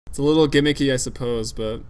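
A man's voice: medium pitch, fast talker, a little mellow, slight background noise. A man casting an esports draft alone, talking casually and analytically with frequent fillers. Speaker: esports caster. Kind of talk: solo play-by-play commentary.

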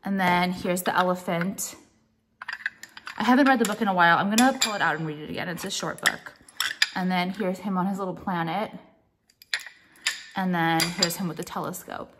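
A woman's voice: on the low side, moderate pace, long pauses, background noise. A young American woman showing her purchases in a casual vlog, rambling and filling her talk with "like" and the odd swear word. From United States. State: pregnant. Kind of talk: casual show-and-tell chat.

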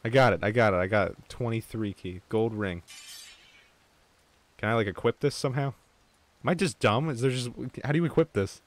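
A young man streaming an online game with viewers, chatting casually, swearing freely and getting excited. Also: mid-range voice, a little fast, pauses often. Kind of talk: casual gaming chat.

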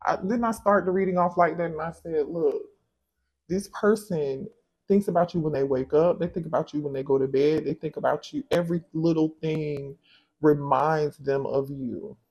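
A man doing a casual tarot reading for his viewers, animated and exclaiming, talking straight to them. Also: a little high, moderate pace, slightly rough. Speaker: tarot reader.

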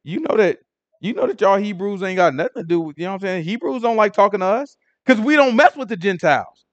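Male bible teacher, slangy storyteller voice, fairly high, dry close sound. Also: fast, no echo, lo-fi sound. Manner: animated storytelling, acts out characters in street slang. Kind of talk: casual Bible study teaching.

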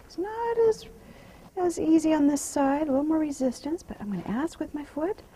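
A woman horse trainer talking out loud while she rides, softly praising the horse and explaining each step. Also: high voice, expressive, normal speed, slight background noise, low-quality recording. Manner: soothing praise to the horse, mixed with quiet running explanation. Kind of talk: narrating while riding.

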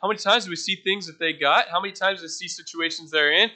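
Bright-voiced pastor, chatty sermon. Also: male voice, high-pitched, fast. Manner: conversational, asks the room questions, self-deprecating asides. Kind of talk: casual teaching sermon. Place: church.

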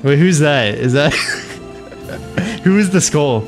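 A man's voice: fairly high pitch, animated, slow pace. A young man streaming a game live, chatting with viewers, laughing, venting frustration and swearing. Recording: faint music behind.

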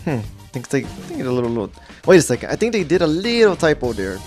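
A man's voice: a little high, very animated, fast, a little mellow, faint music behind. A man giving casual, jokey gameplay commentary as a gaming YouTuber, rambling and easily sidetracked.

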